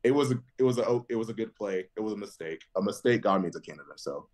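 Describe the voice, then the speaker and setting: A man with a very deep voice tells stories as a podcast guest, full of laughter. He jumps way up in pitch when he quotes people, then settles back low. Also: animated, fast talker, a little mellow. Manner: laughs through stories, jumps high when quoting others. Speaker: interview guest, football linebacker. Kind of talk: animated storytelling.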